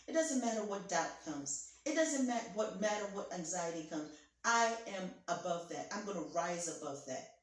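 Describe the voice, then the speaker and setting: A woman, a physician and pastor, preaching a motivational talk in an emphatic, theatrical, repetitive way. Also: mid-range voice. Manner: theatrical, acts out voices. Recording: very echoey room, voice from far off.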